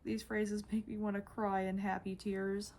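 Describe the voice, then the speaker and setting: A woman's voice: mid-range voice, level tone, normal speed, a little mellow. A woman vlogger showing off her toys in a casual, gushing way, often repeating herself. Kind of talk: casual toy show-and-tell.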